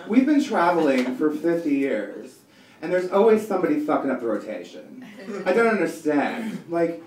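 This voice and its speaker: A man in his thirties doing a stand-up comedy set, ranting in an exasperated, profane way. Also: a little high. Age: 30s. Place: comedy club stage before a live audience. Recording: echoey room, distant mic, loud audience laughter.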